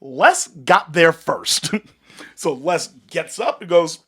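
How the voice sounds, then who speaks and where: A man's voice: on the high side, normal speed. A young man co-hosting a podcast, telling a bar story in casual chat, acting out quotes and swearing freely. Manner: animated, swearing storyteller who acts out quotes. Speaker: podcast co-host.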